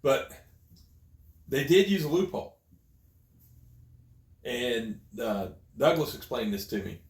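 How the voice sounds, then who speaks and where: A man's voice: medium pitch, very animated, slow pace, reverberant. A man co-hosting a podcast, casually explaining his opinions. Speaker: podcast co-host. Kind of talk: casual chat.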